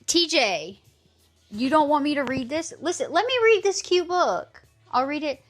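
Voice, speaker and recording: Lively, teasing woman streamer. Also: high voice, normal speed, faint music behind. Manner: animated, teasing, swears casually. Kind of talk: casual chat with stream chat.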